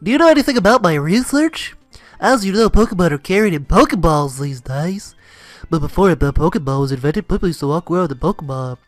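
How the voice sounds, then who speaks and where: A man's voice: a little high, animated, brisk, dry recording, close to an everyday voice. A man doing a nerdy voice for a male professor character in a video game, drifting into a twang. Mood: eager.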